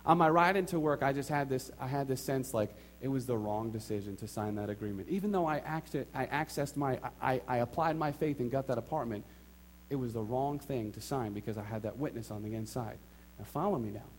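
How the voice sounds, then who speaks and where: A man preaching a sermon, telling a personal story with animated acted-out quotes and repeated phrases for emphasis. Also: medium pitch, brisk, slight background noise. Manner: animated storytelling, acts out his own and others' quotes. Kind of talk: sermon testimony.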